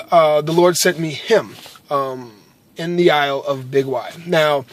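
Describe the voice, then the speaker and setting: A vlogger with a slightly high male voice earnestly tells a personal faith story to camera, with no room sound in the recording. His casual talk is packed with fillers and a repeated "right?"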